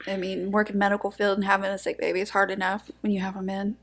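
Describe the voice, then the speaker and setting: Co-hosting a true-crime podcast, a woman speaks fast in a mid-range voice with a flat delivery. She's emotional and outspoken in the casual conversation, and curses now and then.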